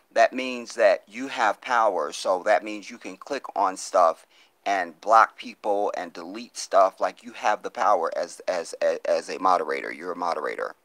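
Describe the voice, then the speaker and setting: A man's voice: on the low side, fairly bright tone, no echo. A man hosting a live stream, reading viewer comments and pleading for donations in an impassioned, profane way, on a phone mic. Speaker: livestream host.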